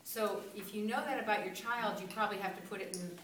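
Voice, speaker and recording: A woman's voice: mid-range voice, fairly even intonation, fast talker, fairly bright tone. An older woman earnestly giving casual parenting advice. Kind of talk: casual faith-based parenting talk. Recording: echoey room from a distance with noise.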